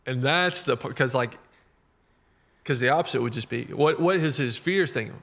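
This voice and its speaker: A man co-hosting a church talk show, chatting casually about faith and telling jokes with lively acted-out voices. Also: mid-range voice, normal speed. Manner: animated storyteller, acts out voices in jokes. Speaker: podcast co-host.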